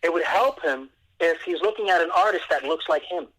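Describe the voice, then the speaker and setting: A man calling in to a radio show, telling animated, laughing stories about his dog. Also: on the high side, fairly quick, rough recording. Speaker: phone-in guest. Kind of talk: casual storytelling on a call. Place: outdoors on a porch. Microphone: phone.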